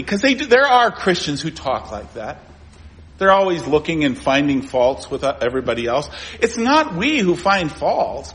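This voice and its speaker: Man, pastor, emphatic sermon delivery, slightly high pitch, urgent peaks and hushed dips. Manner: emphatic preaching with rhetorical questions; swings between raised, urgent lines and low, quiet ones.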